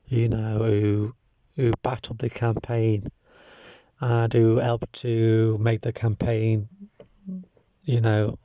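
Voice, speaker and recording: A man's voice: mid-range voice, dark tone, no room sound. A young man giving a sincere, hesitant thank-you message, full of ums and restarts, recorded with dull lo-fi sound. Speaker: campaign organizer.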